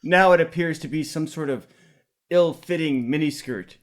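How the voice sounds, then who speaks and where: A man co-hosting a comedy podcast reads stage directions aloud, slow, drawn-out and deadpan. His voice is a little high.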